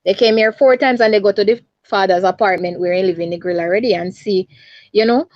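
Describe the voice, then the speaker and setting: A woman's voice: mid-range voice, a little fast, no echo. A Jamaican woman calling in by phone, recounting events in an urgent, repetitive way. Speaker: caller. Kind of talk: distressed phone interview. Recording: dull lo-fi phone line.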